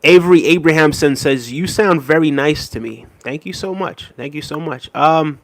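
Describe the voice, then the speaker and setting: A man hosting a casual livestream, reading out viewer comments and thanking them in a relaxed, easygoing way with soft laughs. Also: on the high side, moderate pace, no room sound. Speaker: livestream host. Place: New York City.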